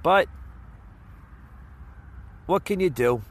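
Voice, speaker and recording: A man's voice: a little high, expressive, normal speed, fairly bright tone. A man hosting a casual political commentary podcast, rambling and stumbling over his words with frequent chuckles. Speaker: podcast host. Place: near a road with passing cars.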